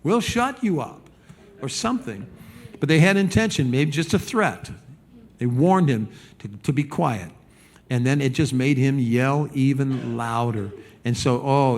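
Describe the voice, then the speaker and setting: A male pastor at medium pitch delivers a lively, conversational sermon. He trips over repeated words now and then and acts out the people he's quoting.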